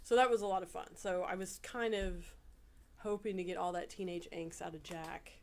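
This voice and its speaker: A woman's voice: on the low side, fairly even intonation, normal speed, a little hiss or hum. A woman co-hosting a casual chat, telling a story with frequent laughs and restarts. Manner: chatty storyteller, laughs often, many restarts. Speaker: co-host.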